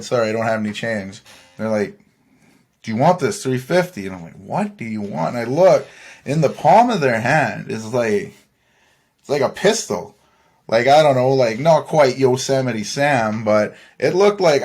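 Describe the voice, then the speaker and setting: A young man from Saskatchewan, Canada, telling a long story in a loose, rambling way. His voice sits at an ordinary middle pitch. He laughs often and swears freely. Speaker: podcast host. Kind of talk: casual storytelling.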